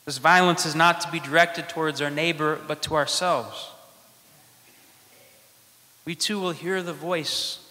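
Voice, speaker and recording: A man who is a priest, preaching a sermon in measured phrases with dramatic pauses, in a church. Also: on the high side, fairly even intonation, sharp tone. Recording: long church reverb.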